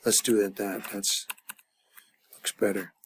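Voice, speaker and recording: A man's voice: lowish voice, level tone, slow pace, a little hiss or hum. A man teaching a grammar lesson at a chart, thinking aloud with many fillers and restarts. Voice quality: gravelly. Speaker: language teacher.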